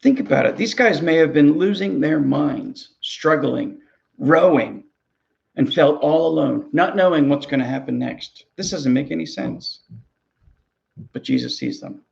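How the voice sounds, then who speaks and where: A man's voice: on the high side, measured pace, gravelly, darkish tone, muffled recording. A man, a ministry pastor, preaching a sermon in an earnest, conversational way, often repeating words as he goes.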